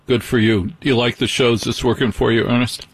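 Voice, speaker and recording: A man hosting a late-night call-in radio show, chatty and teasing, quick to jump in. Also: medium pitch, steady tone, a little hiss or hum. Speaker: radio host.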